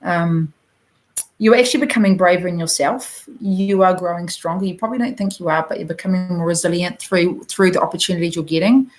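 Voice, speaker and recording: A woman with a New Zealand accent giving a gentle, encouraging oracle card reading to viewers, talking directly to them with plenty of ums. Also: on the low side, a little fast, rough recording.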